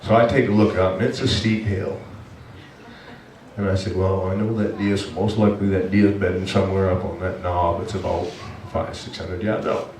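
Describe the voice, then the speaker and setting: A male pastor telling a personal story in a sermon, animated and emotional, with many restarts. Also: low-pitched, moderate pace, recorded from a distance, slight background noise. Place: church sanctuary. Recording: echoey church room from afar.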